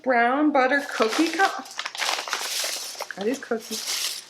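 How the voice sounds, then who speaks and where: A middle-aged woman hosting a casual unboxing video, gushing and excitable, often gasping and laughing at each item from her desk at home. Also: high-pitched, takes it slowly. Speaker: YouTube unboxing channel host. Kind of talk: casual unboxing chat to camera. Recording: roomy home room with faint noise.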